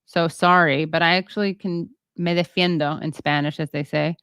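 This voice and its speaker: A woman hosting a livestream, reading viewer comments in a rambling, halting way with many fillers and self-deprecating asides. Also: low-pitched, steady tone, a bit bright, smooth, no room sound, studio quality. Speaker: show host.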